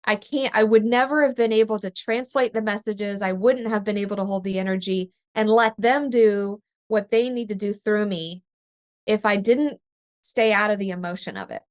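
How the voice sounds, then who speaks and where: A woman speaking as a spiritual medium in a casual conversation, telling lively stories and laughing often. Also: mid-range voice, moderate pace. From East Tennessee. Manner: animated storytelling with laughter, acts out her own past voice.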